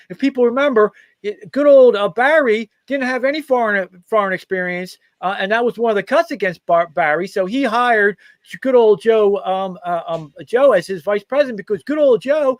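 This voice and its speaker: High-voiced mocking male political commentator. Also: moderate pace, no echo. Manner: mocking, rambling, with frequent restarts. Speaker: co-host of a political talk show.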